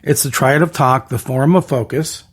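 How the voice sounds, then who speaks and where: A man hosting his own podcast, rambling through an energetic monologue full of catchphrase lists and restarts. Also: medium pitch, moderate pace, breathy edge. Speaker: podcast host.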